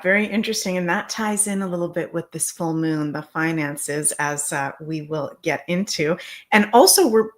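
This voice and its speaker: Lowish voiced woman hosting a chill spiritual chat, bubbly, lots of yays. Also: a bit bright. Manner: bubbly, chatty, quick to say yay. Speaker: co-host. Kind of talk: casual chat.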